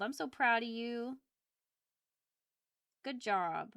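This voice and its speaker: Bright, animated woman streamer chatting. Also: fairly low pitch, moderate pace, clear, resonant tone, dry recording, studio quality. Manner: chatty, reacts loudly to chat with squeals and laughs. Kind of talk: casual chat while drawing.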